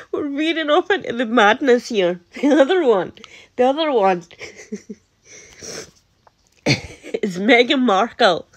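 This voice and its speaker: A Scottish woman talks straight to her viewers in an easy, unhurried way. Her voice sits a little high, and she keeps breaking into laughter and disbelieving asides. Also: expressive. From Scotland. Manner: chatty, laughs often, incredulous asides. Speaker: vlogger. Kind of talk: casual chat to camera.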